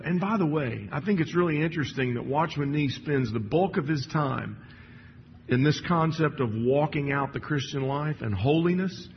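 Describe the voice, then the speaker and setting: A man delivers a sermon in a church hall, speaking in a loose, conversational way with frequent restarts and fillers. His voice sits at an ordinary pitch for a man. The sound is muffled, with a long hall echo and a faint hiss. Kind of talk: sermon with read passages.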